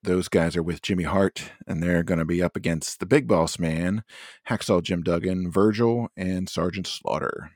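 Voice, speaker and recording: A man's voice: low-pitched, steady tone, moderate pace, darkish tone, no room sound, studio quality. A man co-hosting a wrestling podcast, chatting casually in a wry, rambling way with fillers. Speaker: podcast co-host. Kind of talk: casual chat.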